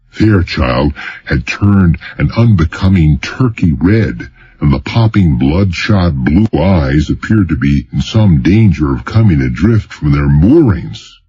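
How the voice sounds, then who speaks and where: A man narrating a thriller audiobook in measured, dramatic storytelling. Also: very deep voice, expressive, warm tone, dull audio. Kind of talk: scripted narration.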